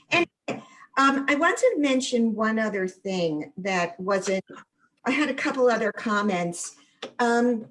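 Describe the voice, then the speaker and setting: An older woman from upstate New York joins the conversation, talking at an everyday middle pitch. Her speech is casual and conversational, packed with names and recollections. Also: poor audio. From Catskills, New York. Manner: chatty, detailed recollections. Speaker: audience member commenting. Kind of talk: casual chat.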